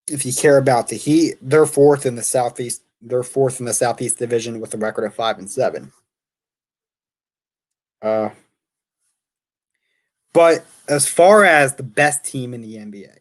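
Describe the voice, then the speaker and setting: A man hosts a loose sports talk show in an ordinary, mid-range voice. He rambles through his predictions as an opinionated fan and stops often to correct himself. Now and then he reads standings and records aloud. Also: mid-range voice.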